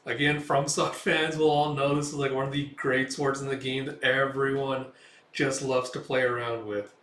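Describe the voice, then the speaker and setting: A young man talks through a comic in a loose, rambling way, full of fillers. His pitch is middling. He sits back from the mic in a roomy space. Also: little pitch movement, normal speed, fairly bright tone, distant mic. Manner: rambling, filler-heavy, chatty. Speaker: comic read-through host. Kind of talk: casual read-through commentary.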